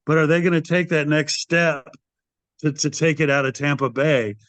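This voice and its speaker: A man's voice: a little high, normal speed, no echo. An older man, a metal band's singer, telling rambling stories in a casual interview and acting out what others said. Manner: animated storyteller, acts out quoted voices. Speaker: guest, metal band singer. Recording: muffled dry podcast audio.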